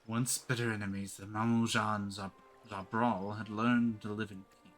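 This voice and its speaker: A man voicing a grieving, lion-like male village elder, reading the game's dialogue in a measured, low-key way. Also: level tone, a bit bright, faint music behind, close to an everyday voice. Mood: solemn.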